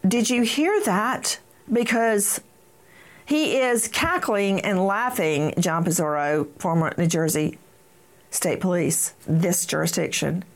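A woman's voice: on the low side, slow pace. A woman hosting a true crime talk show, talking in an emphatic, indignant way and addressing guests by name. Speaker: host.

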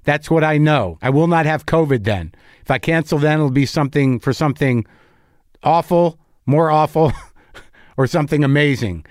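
A man's voice: on the high side, no room sound, studio quality. A male podcast host and comedian in a casual, rambling monologue, his voice stuffy, scratchy and a little tired, swearing freely and joking at his own expense. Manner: profane, self-deprecating, loose.

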